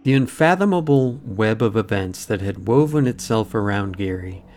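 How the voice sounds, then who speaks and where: A man's voice: fairly low pitch, expressive, moderate pace, darkish tone, slight background noise. A man narrating a true mystery story as podcast host, dramatic and scripted. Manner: dramatic retelling with acted-out quotes.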